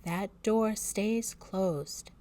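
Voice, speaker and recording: A woman's voice: medium pitch, extremely slow, dark tone. A cheerful young mother speaks playfully and reassuringly to her child, voiced by a woman reading a storybook aloud. The voice stays close to the reader's own.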